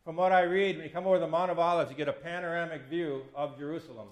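Male pastor, 50s, slightly high voice, folksy sermon delivery, roomy church sound. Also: steady tone, fast talker. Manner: conversational, self-deprecating, acts out quoted speech.

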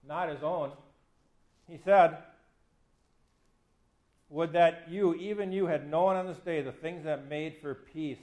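A man's voice: fairly high pitch, a little mellow, echoey room. A man in his fifties, a pastor giving a conversational sermon that acts out quoted speech with a self-deprecating touch. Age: 50s. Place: church.

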